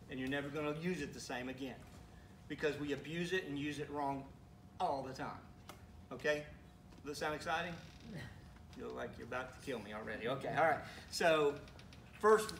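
A man preaches in a church sanctuary with an easygoing, questioning delivery and playful asides. His voice sits a touch high for a man. The recording is roomy and echoey, with the mic some distance away and a faint hiss underneath. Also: a little fast, a bit bright. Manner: conversational, asks the congregation questions, teasing asides. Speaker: pastor. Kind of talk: sermon.

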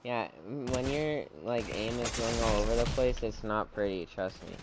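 A man's voice: mid-range voice, moderate pace, noisy background. A young man streaming a shooter game with friends, talking casually and getting worked up over stolen kills. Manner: excitable, complaining about kills. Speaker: streamer and map maker. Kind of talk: casual gaming chat. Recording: game gunfire loud behind voice.

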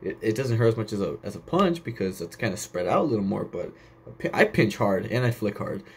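A man's voice: on the low side, big pitch swings, brisk, slightly rough. A young man hosting a casual solo podcast, rambling off on tangents and swearing casually. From United States. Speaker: podcast host.

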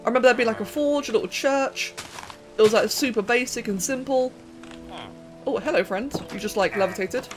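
A young woman giving chatty, excitable let's-play commentary, thinking aloud and talking to the characters on screen. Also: a little high, a little fast, faint music behind. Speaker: gaming channel host.

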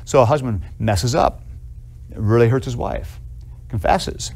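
A man teaching theology in a classroom lecture, animated and conversational, asking students questions and acting out little scenes. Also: mid-range voice, a little slow. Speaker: theology professor.

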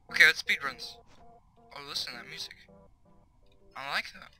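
A young man rambles through a video game in casual let's-play commentary, reading the on-screen tips aloud as he goes. His voice is bright and tense and sits fairly high. Game music plays faintly behind him. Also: moderate pace, long pauses, poor audio. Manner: chatty, excitable, reads on-screen tips aloud. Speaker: gaming YouTuber. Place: home bedroom.

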